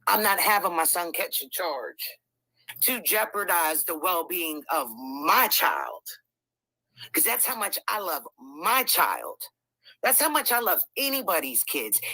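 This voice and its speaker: A woman's voice: mid-range voice, sharp tone, no echo, low-quality recording. Emphatic, swearing woman telling a court story. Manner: emphatic, swears freely, acts out quoted voices. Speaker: guest recounting a court case. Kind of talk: animated storytelling.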